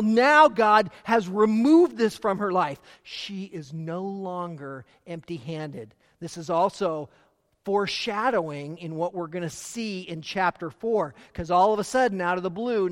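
A middle-aged man preaching from the pulpit in a high, lifted voice. He asks rhetorical questions and swings between loud emphatic bursts and quiet asides. The sound carries a long reverb tail off a large church hall. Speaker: pastor. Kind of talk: sermon.

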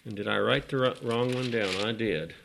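A man's voice: on the low side, normal speed, creaky, background noise. A man preaching a folksy, emphatic sermon, with sudden rising bursts.

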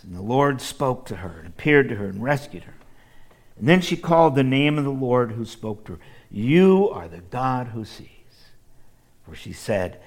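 A middle-aged pastor from the Midwest preaching to his congregation. His voice sits at an ordinary pitch but rises and falls widely, swelling to loud emphasis and then sinking to a hushed near-whisper. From American Midwest. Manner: addresses the congregation directly. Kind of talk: sermon.

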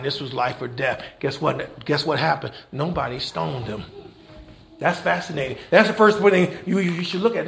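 A man preaching a sermon, animated and folksy, with rhetorical questions and repeated phrases. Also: on the high side, creaky, reverberant. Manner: folksy Southern American church phrasing. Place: church.

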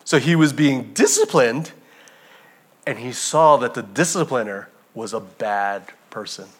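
A man preaching a sermon as pastor, telling stories with animated energy and addressing the congregation as family. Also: mid-range voice, a little slow, slightly rough.

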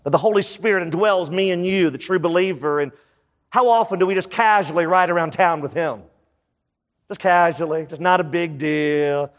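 A man preaching a sermon as pastor, animated, with many rhetorical questions. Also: a little high, moderate pace, long reverb tail.

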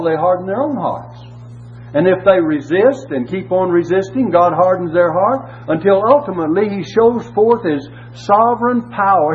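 A man preaching a sermon and reading scripture, emphatic, repeating key words and asking rhetorical questions. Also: high voice. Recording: tinny phone-like audio with faint hum.

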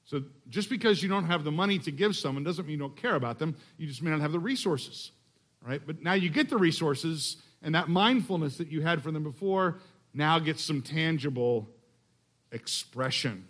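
A middle-aged man from Texas preaching a sermon in a conversational way, slowing down to read scripture aloud. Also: fairly high pitch, animated, fairly bright tone. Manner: conversational, restarts phrases, slows to read scripture. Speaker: pastor.

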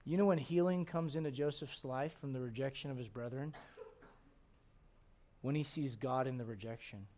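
A middle-aged man preaching a sermon to his congregation in a folksy, animated way, slipping into acted asides. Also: medium pitch, moderate pace. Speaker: pastor.

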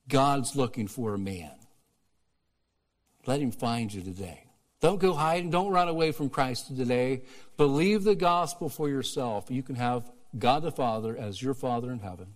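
A male pastor delivers a sermon with earnest conviction. His voice is mid-pitched, rising to emphatic peaks and sinking to near-hushed appeals. The sound carries a long, echoing church reverb. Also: moderate pace. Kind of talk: sermon with altar call. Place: church sanctuary.

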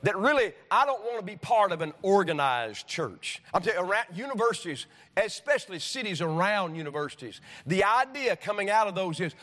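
A high-pitched man preaches a sermon in a church sanctuary, spinning homespun stories that rise into fervent exhortation. His voice carries a long hall reverb around it. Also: sing-song, brisk, few pauses, fairly bright tone. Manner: folksy storytelling, rising to fervent preaching. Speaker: pastor.

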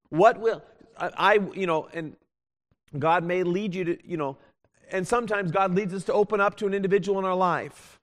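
A man preaching a sermon as a pastor, earnest and pleading, swinging from loud appeals to hushed tones. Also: high-pitched, normal speed. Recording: long hall reverb.

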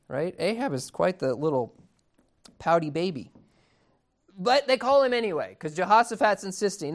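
A man's voice: high voice, moderate pace, pauses often. Conversational, amused male preacher. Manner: conversational, amused, lively storytelling. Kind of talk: sermon.

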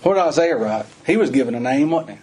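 Husky preacher, fervent sermon. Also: male voice, lively intonation, a little mellow. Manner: rises to high, fervent emphasis and slows on key phrases; reads scripture in old-fashioned wording, then explains in plain folksy talk.

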